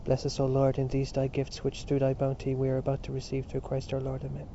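A man voicing a young boy reciting a solemn grace, quieter than the rest, on a dull lo-fi recording. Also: mid-range voice, completely flat delivery, fast talker, slight background noise, lightly acted. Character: small boy saying grace.

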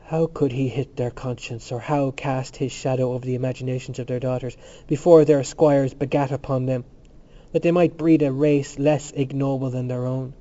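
A man reading literary fiction aloud in a measured, unhurried way, in a muffled recording. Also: mid-range voice, fairly even intonation, mellow. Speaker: audiobook reader. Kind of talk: scripted literary narration.

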